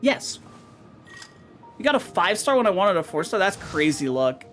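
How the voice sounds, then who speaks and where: A woman streaming a game, chatting casually with her viewers in an excitable, talkative way and swearing now and then. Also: mid-range voice, normal speed, soft background music.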